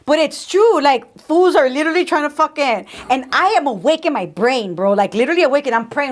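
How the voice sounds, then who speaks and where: A woman guest on a podcast, telling stories in animated, profane casual chat, laughing often. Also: high voice, brisk, few pauses. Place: podcast studio.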